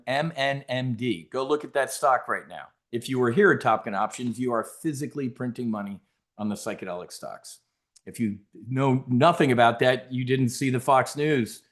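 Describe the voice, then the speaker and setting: A brash man hosting a trading show, blunt and boastful with a middle-pitched voice. He talks loud and cocky, peppering his pitch with fighter-pilot slang. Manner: loud and swaggering, full of fighter-pilot talk. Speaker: options trading educator. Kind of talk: energetic market webcast.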